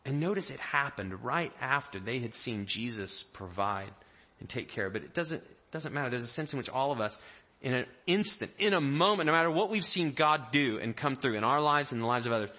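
A man preaching a sermon in a conversational, animated way, acting out the story with quoted voices. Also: medium pitch, moderate pace. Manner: animated, acts out the disciples' panic in quoted voices; conversational, with restarts and small jokes. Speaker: pastor.

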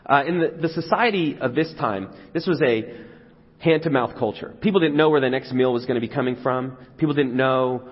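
A pastor preaches a sermon in a casual, conversational way, now and then acting out the crowd's voices. His medium-pitched voice moves fairly quickly, and the recording sounds dull with long hall reverb.

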